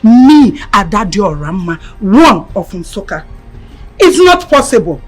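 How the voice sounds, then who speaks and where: An actress with a Nigerian accent playing a domineering sister-in-law who mocks, insults and shouts at her brother's wife. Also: very animated, measured pace, slightly rough, faint music behind, low-quality recording. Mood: mocking. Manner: shrill shouting, insulting, mocking.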